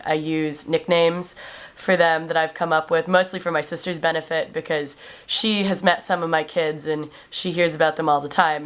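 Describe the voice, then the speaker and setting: Chatty young woman telling stories. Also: sits low. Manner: chatty, frequent ums, bright lift when quoting kids. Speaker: vlogger and classroom aide. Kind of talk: casual storytelling vlog.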